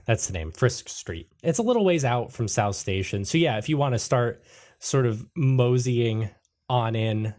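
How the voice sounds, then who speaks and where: A man's voice: medium pitch, expressive, normal speed, a little mellow. A man narrating as game master, hesitant and full of fillers. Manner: hesitant, filler-heavy, laughing.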